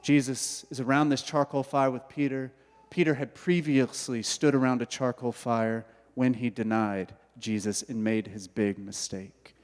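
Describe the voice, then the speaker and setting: A pastor preaching a sermon, telling the story in a lively way and acting out the characters' thoughts. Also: male voice, mid-range voice, a little slow. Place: church hall. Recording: hall reverb.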